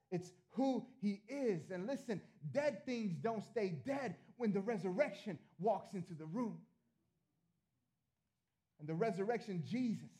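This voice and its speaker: A male pastor preaching a sermon to a congregation, emphatic, with his voice swelling loud and then dropping low. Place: church.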